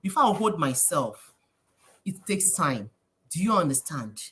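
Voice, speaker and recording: A woman with a Nigerian accent hosting a casual livestream, preachy and lively, slipping in Pidgin phrases. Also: low voice, unhurried. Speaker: livestream host.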